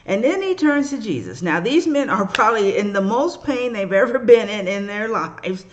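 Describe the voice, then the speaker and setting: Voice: medium pitch, very animated, normal speed, highs cut off. A spiritual reader and podcaster giving a casual, emotional teaching monologue and acting out biblical figures in slangy voices.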